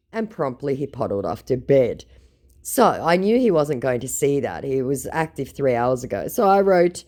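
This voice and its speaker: A woman's voice: rumbling low, big pitch swings, moderate pace, mellow. A woman narrating as a scambaiter, reading chat logs aloud in a sarcastic, mocking way.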